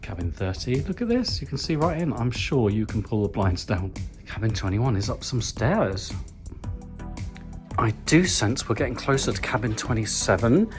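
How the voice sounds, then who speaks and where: A man hosts his own travel vlog, narrating as he goes with playful, self-mocking asides and theatrical gasps. His voice sits at an ordinary middle pitch, and clear music plays under him. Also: very animated, normal speed. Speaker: travel vlogger. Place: moving through stations, an airport and a small hotel cabin.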